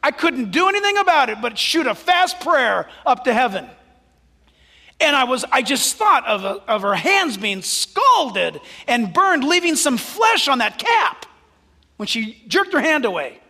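A man with a very high, bright voice delivers an animated sermon as a pastor. His pitch swings widely as he tells stories and drops into soft asides, and long reverb from a large hall trails every phrase. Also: a little slow.

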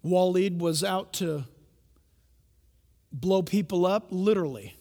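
A man preaching a sermon, telling stories with animated swings from loud bursts to hushed tones. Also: high-pitched, slow pace, in a large hall. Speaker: pastor.

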